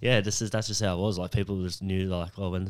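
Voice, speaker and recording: A man with a very low voice rattles through casual podcast chat at a quick clip. He tells rowdy stories, swears freely and laughs often. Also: little pitch movement, clean tone, no room sound, studio quality. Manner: laughing storyteller, swears a lot. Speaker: podcast co-host.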